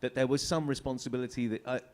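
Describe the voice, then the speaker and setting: A man's voice: medium pitch, fairly even intonation, fast talker. An English man talking as a guest on a convention panel, telling casual anecdotes, chatty, laughing often and trailing into fillers. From England.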